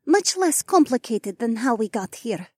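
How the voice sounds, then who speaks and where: A high, lilting female alien who speaks in stiff, formal sentences, as a male narrator puts her on. Her voice leaps up and down, and the recording is close and dry. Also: very animated, normal speed, no echo, exaggerated voice. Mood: formal, calm. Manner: stiff formal speech without contractions. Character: graceful female alien guide, formal and calm.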